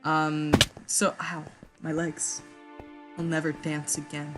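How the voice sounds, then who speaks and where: A woman's voice: low-pitched, little pitch movement, takes it slowly, over loud music. A young woman rambling through a story while playing a game, stammering, restarting and swearing. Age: young adult. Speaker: gaming vlogger. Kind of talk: rambling let's-play storytelling.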